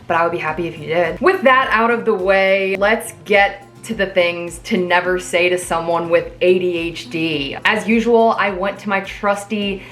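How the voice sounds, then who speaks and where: A woman's voice: fairly low pitch, moderate pace, hardly any pauses, fairly bright tone, faint music behind. Chatty sarcastic woman vlogger in her thirties. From New Jersey. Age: 30s. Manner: chatty, self-deprecating and sarcastic, with playful asides. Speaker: YouTube creator. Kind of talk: casual talking-head vlog.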